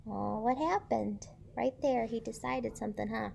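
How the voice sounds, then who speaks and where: Woman teacher reading a storybook to kids, gravelly tone, fairly high voice. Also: moderate pace, slight background noise. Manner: asks children questions, gentle and encouraging. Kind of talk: reading a picture book aloud to children.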